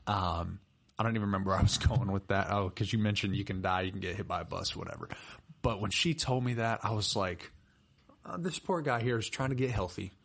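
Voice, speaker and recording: A young man, a personal trainer chatting casually on a podcast and telling stories with plenty of fillers. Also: lowish voice. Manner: chatty, animated storyteller with laughs and fillers. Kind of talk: casual podcast chat and storytelling.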